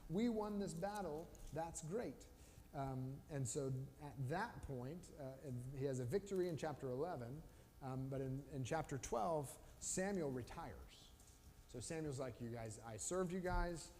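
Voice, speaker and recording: A man teaching a Bible study in a relaxed, conversational way, slipping into short voiced asides as he retells the story. He speaks at a middle pitch. The live-stream sound carries a long reverb and a faint background hiss. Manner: animated storytelling with quick voiced asides for biblical characters. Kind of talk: casual Bible study talk. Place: church room.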